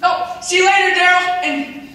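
A man's voice: very high-pitched, normal speed, background noise. A teenage boy playing an eager, upbeat store clerk giving sales patter in a comic stage skit. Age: teens. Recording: echoey hall from far off, crowd.

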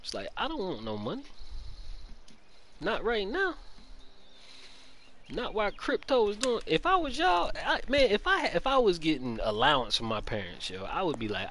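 Animated young man streaming casually. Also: high voice, moderate pace, a little hiss or hum. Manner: loose slangy banter, greets chat, laughs often. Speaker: game streamer. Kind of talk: casual stream chat while playing. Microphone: gaming headset.

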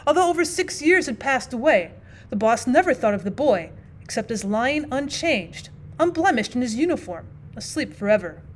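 A woman teacher reading a classic short story aloud as audiobook narration, measured and expressive. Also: high-pitched, a little hiss or hum.

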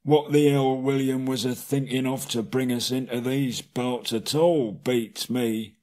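A man's voice: medium pitch, fairly even intonation, unhurried, a little mellow, pitched above the performer's own voice, close to an everyday voice. A man voicing a surly male troll, griping about his meals. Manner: sulky, griping.

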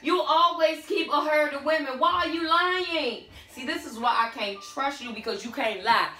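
A woman's voice: sits high, moderate pace, pushed and bright, slight background noise. A woman giving a blunt, sassy tarot reading in casual chat. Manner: sassy, blunt, talks back to the cards. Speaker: tarot reader. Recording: roomy echo with faint music.

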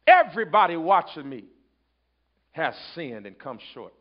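A man preaching a sermon in a call-and-response style, swinging between loud appeals and hushed asides. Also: a little high, big pitch swings, normal speed. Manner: call-and-response preaching, rising and falling intensity. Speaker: pastor. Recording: dull lo-fi sermon recording.

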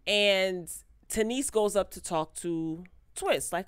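A woman who recaps reality TV in an animated, laughing way, acting out quotes. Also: medium pitch, slow, clean tone, no echo. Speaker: TV recap vlogger. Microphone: close microphone.

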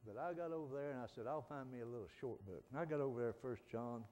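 A middle-aged man, preaching a folksy sermon that swings from soft pleading to loud fervent calls. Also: mid-range voice, fast, a little hiss or hum. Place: church sanctuary. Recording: long church reverb.

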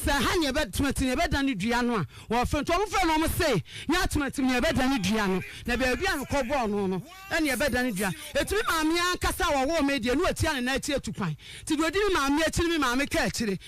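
A woman caller giving an emotional account of a family dispute, animated and often raising her voice. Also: sits high, quick pace, few pauses.

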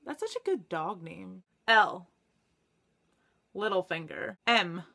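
A young woman talks to camera for her book vlog in a casual, chatty way. Her voice is bright and forward, and she gets excitable, laughs often and swears when stuck. Her pitch sits in a middle range for a woman. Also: slow pace, vocal fry. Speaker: book vlogger.

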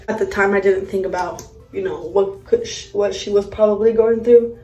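A young mother vlogs casually while doing her makeup, telling a story in a blunt, profane and exasperated way. Her medium-pitched voice has little pitch movement and a moderate pace, and the room is echoey.

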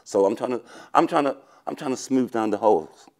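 A man doing loud, teasing comic banter on a dating show, swinging between shouts and mutters. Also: mid-range voice, a little fast. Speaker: comedian dating show contestant.

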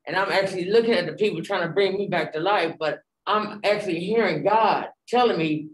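A woman giving an animated personal testimony in a group, acting out the dialogue with many fillers. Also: fairly low pitch, fairly quick, few pauses. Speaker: Bible study participant. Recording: echoey room.

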